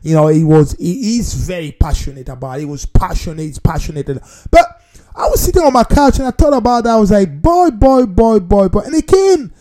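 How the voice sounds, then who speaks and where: Man, football commentator vlog, mellow voice, very lively pitch, keeps addressing viewers as "people.". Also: brisk. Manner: animated, repetitive, talks straight to viewers as "people". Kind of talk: casual football opinion monologue.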